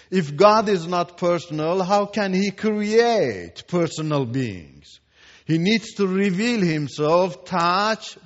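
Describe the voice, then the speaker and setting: Guy w preaching his testimony, bit high voice, echoey hall, kinda muffled. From Iran. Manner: emphatic, repeats words for stress, swings from hushed to loud. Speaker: Christian teacher giving testimony. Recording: echoey hall, dull lo-fi sound.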